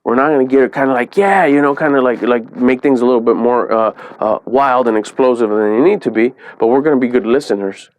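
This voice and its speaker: A man's voice: medium pitch, fast talker, few pauses. A middle-aged man vlogging casually, telling a story about his day in a chatty way and quoting the people in it. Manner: chatty, retells conversations with quoted voices.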